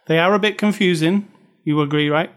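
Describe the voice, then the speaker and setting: A man's voice: fairly high pitch, a little fast, a bit bright. A man hosting a movie review podcast, chatting casually and joking with his co-host. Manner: chatty, joking, reads aloud with dramatic stress. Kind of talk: casual chat.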